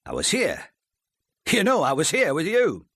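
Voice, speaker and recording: Brief: male reader as a hot-tempered husband, loud and curt, pitched up and jumpy, dry studio sound. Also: sing-song, normal speed, no room sound. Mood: defensive. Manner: curt, shouting, defensive. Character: volatile, bad-tempered businessman husband. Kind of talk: audiobook character voice.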